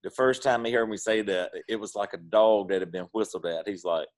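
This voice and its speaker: A man's voice: lowish voice, brisk. A middle-aged man with an Eastern North Carolina accent, telling stories in a laid-back, drawling way as an interview guest. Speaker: guest, pitmaster. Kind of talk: casual interview chat.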